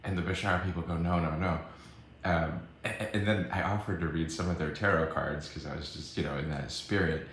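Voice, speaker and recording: A man's voice: low voice, fairly quick, heavy reverb, slight background noise. A man telling a rambling personal story in a casual vlog, acting out the arguments he quotes. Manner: animated, acts out quoted arguments, swears.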